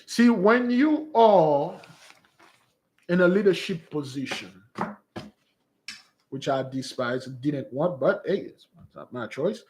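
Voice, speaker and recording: A man's voice: on the high side, lively intonation, slow pace, long pauses, a little mellow, slight background noise. Exhorting man preaching casually to followers. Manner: exhorting, calls listeners beloved. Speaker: spiritual fasting leader.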